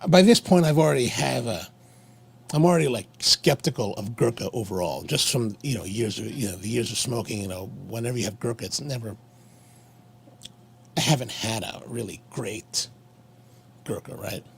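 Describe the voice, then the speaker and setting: A man's voice: medium pitch, normal speed, gravelly, slight background noise. A man co-hosting a casual chat show over coffee and cigars, telling a rambling story with many restarts. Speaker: podcast co-host.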